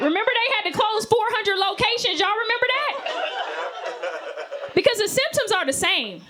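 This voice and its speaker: A woman performing a stand-up comedy set, telling brash stories and acting out voices with sudden shrieks. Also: high voice. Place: comedy club stage with laughing audience. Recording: live club recording with audience noise.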